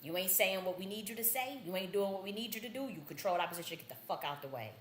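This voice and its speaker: A woman's voice: mid-range voice, lively intonation, racing, slight background noise. Woman livestream host, blunt and profane, rambling monologue; echoey room, faint ambience.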